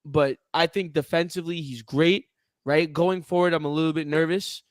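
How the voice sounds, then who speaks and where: A man with a fairly high voice co-hosts a podcast, chatting casually and animatedly about sports at a moderate pace. He jokes a lot and hesitates with frequent fillers. The recording is dry and of studio quality.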